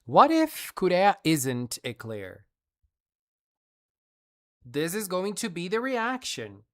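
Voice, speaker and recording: This is a woman streamer walking through fan art in a casual showcase. Her voice sits low and moves slowly. It swings widely in pitch as she gushes and laughs along. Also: wildly swooping pitch, fairly bright tone. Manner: gushing, playful, with frequent laughs.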